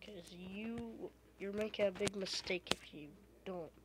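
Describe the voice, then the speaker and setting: A gamer comments on her own play in an unhurried, drawn-out manner, her medium-pitched voice fairly even in intonation. She's frustrated, swinging between loud exclamations and muttered complaints under her breath, and a noticeable layer of background noise sits under the recording.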